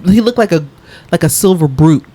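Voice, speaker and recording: A woman co-hosting a podcast in casual chat, brash, profane and animated. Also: lowish voice, a little fast. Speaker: podcast co-host. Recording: loud crowd noise behind.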